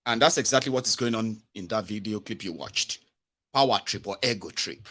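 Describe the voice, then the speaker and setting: A man with a Nigerian accent hosts a live-stream of political commentary, mocking his targets, acting out the voices he quotes, and slipping into pidgin. His voice is on the low side, a little fast, pushed and bright.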